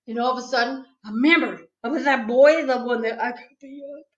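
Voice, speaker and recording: A woman with a high voice reads a children's book aloud, telling it playfully from a child's point of view. The recording is a little dull, in a room with a noticeable echo. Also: fairly quick. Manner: playful, first-person child's storytelling. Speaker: storytime reader. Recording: echoey room, slightly dull sound.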